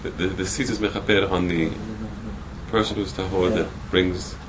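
A man with a very low voice gives halting answers during a Talmud study session. He sits away from the mic, so he sounds quiet and distant. A faint hiss runs underneath. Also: steady tone. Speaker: student.

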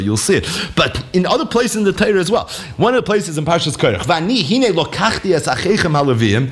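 Animated high-voiced man teaching Torah. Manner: asks and answers his own questions, repeats points for emphasis. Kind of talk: lively Talmudic lecture.

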